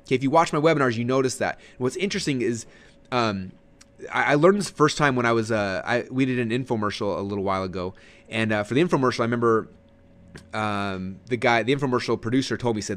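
Guy doing a webinar training, super energetic, talks really fast, close mic. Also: medium pitch. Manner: energetic, animated delivery, sitting forward and gesturing. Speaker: marketing trainer.

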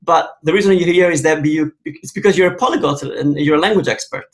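Italian man hosting an interview, higher voice, hesitant, restarts sentences. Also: a little fast. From Italy. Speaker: host. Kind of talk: casual interview.

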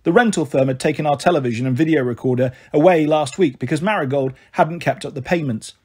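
Husky guy reading a kids book, slightly high voice, steady pace. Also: fast. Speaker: storyteller. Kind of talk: reading a children's novel aloud.

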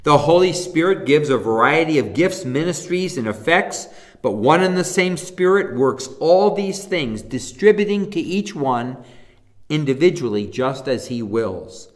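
Animated pastor teaching a Bible class. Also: male voice, fairly high pitch, measured pace. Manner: emphatic, asks the class rhetorical questions; reads scripture passages aloud.

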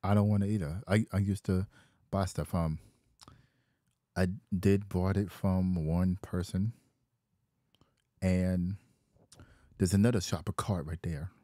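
Male vlogger, very low and mellow voice, repetitive complaining delivery. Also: fairly even intonation, slow, long pauses, dry recording, clean studio sound. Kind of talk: casual rant.

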